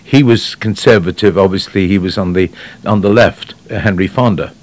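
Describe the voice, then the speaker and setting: A man's voice: low voice, moderate pace. A man chatting casually on the radio, telling rambling anecdotes that trail off. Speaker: radio guest on classic actors.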